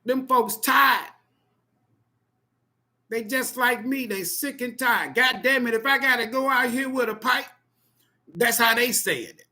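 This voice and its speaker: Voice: medium pitch, a little slow, pauses often, sharp tone. A tarot reader delivering an impassioned spoken monologue in a profane, emphatic, preachy way.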